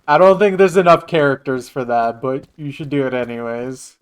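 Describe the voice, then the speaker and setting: Male game streamer, playful and chatty, clear tone. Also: medium pitch, expressive, moderate pace. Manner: joking, chatting with viewers. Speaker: livestreamer. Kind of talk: casual gaming livestream chat.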